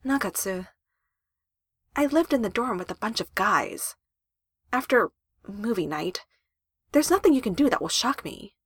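A woman voicing a shy young woman who speaks quietly and hesitantly. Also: mid-range voice, animated, measured pace, pauses often, breathy edge, no room sound, clean studio sound, full character voice.

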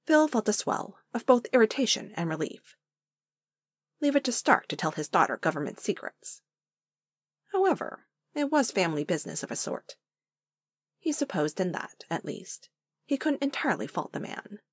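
A woman narrating a fiction story aloud in an expressive storytelling manner. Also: medium pitch, moderate pace, slightly rough, dry recording, clean studio sound. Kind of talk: fiction audiobook reading.

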